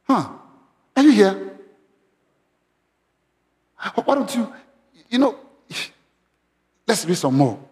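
A man's voice: high voice, slow pace, long pauses. A male pastor, preaching a sermon in church and often asking the congregation questions. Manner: interactive, asks congregation questions; animated, raising voice when quoting. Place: church hall. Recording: long hall reverb.

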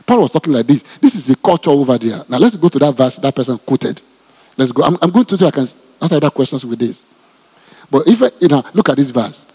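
A Nigerian-accented male pastor teaches from scripture in a mellow, slightly husky voice pitched a little high. He talks in an animated, repetitive way and tosses joking asides to his listeners. His words ring out with a long reverb, as in a church hall. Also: quick pace. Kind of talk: teaching sermon, Bible study.

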